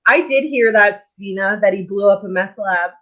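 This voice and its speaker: A woman's voice: medium pitch, moderate pace, sharp tone. A woman hosting a livestream, chatting easily and laughing along with her guest. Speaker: channel host. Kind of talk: casual livestream chat. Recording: muffled lo-fi stream audio.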